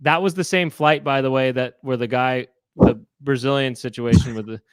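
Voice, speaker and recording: A man's voice: medium pitch, steady tone, moderate pace, smooth, dry recording. A man in his forties co-hosting a casual chat show, telling stories in a rambling way that keeps cutting itself off. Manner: rambling, self-interrupting storytelling. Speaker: co-host.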